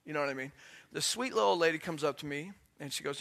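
A man's voice: fairly high pitch, quick pace, vocal fry, fairly bright tone. A man giving a sermon as a guest pastor in a church, conversational and joking, then emphatic.

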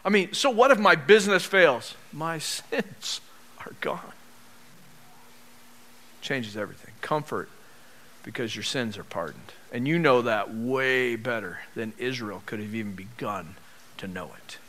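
A man preaching a sermon as pastor, swinging from loud emphasis down to soft near-whispers, with joking asides to the congregation. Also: medium pitch, expressive, moderate pace. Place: church.

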